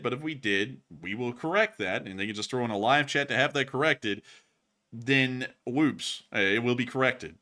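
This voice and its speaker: A man hosting a live-stream news show, chatting casually and reading out viewer messages, with lots of fillers and restarts. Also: fairly low pitch. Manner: rambling, heavy on fillers and restarts, upbeat shout-outs.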